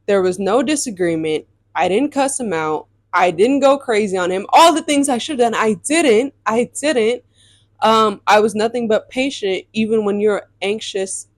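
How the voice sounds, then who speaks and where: A woman's voice: medium pitch, dry recording. Young woman, chatty storytime vlog, talks straight to viewers, dry close sound. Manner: chatty, addresses viewers as y'all, animated retelling. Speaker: storytime vlogger.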